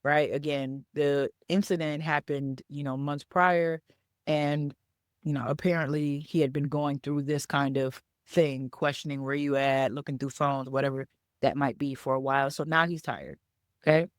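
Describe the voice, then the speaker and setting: A woman's voice: sits low, fairly even intonation, normal speed, dry recording, studio quality. A woman hosting a solo podcast, teaching through a conversational story and checking in with the listener as she talks. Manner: conversational storyteller, keeps checking in with "okay?" and "right?"; repeats words for emphasis. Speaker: podcast host and business coach.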